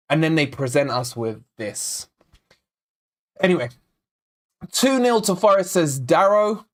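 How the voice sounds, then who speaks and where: The speaker, born in Scotland, has a fairly high-pitched voice and an unhurried pace. He runs a live football watch-along on a fan channel, chatty and excitable as he reads out viewer names, comments, and predictions.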